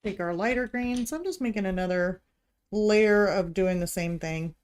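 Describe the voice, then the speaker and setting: A woman's voice: mid-range voice, normal speed, darkish tone, clean tone. A woman from Missouri with a light Missouri accent, chatting through a live painting tutorial as she works. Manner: chatty, thinking aloud while working. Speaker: art instructor. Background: heater hum.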